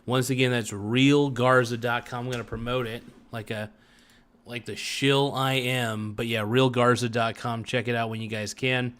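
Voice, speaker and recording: A man's voice: medium pitch, fairly even intonation. Joking man hosting a rambling livestream. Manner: joking, rambling, with drawn-out words and sudden loud bursts. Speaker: livestream host. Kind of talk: casual livestream commentary.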